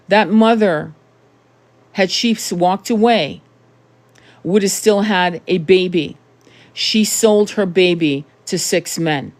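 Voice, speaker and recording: A woman's voice: medium pitch, slow pace. Blunt, profane woman ranting to camera. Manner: blunt, profane and emphatic, with rhetorical questions. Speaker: tarot channel host. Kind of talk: impassioned direct-to-camera monologue.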